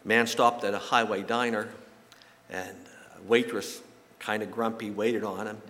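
A man giving a sermon in a church, telling folksy stories and jokes with halting repeats. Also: lowish voice, flat delivery, fairly bright tone. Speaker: pastor. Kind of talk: sermon with anecdotes. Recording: long reverb from a large hall.

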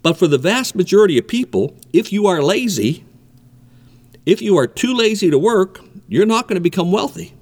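A man delivers a sermon in an emphatic manner, stressing and repeating his key points. His voice sits somewhat high for a man. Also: big pitch swings, normal speed, darkish tone. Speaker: preacher.

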